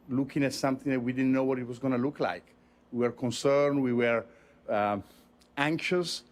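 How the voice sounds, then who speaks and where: A man from Italy with an Italian accent, a university president giving a commencement speech, joking about himself, with many fillers and restarts. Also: mid-range voice. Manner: warm, self-joking, many uh fillers and repeats.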